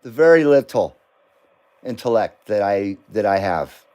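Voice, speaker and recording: A man's voice: fairly low pitch, animated, unhurried, darkish tone, lo-fi sound. A middle-aged man hosting a live stream, chatting casually, joking and laughing often as he reads comments.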